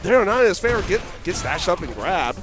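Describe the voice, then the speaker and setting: A man with an American accent giving live, excitable play-by-play commentary at a fighting-game tournament. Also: high voice, over music. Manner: excitable, animated play-by-play with quick exclamations. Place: gaming venue with music playing.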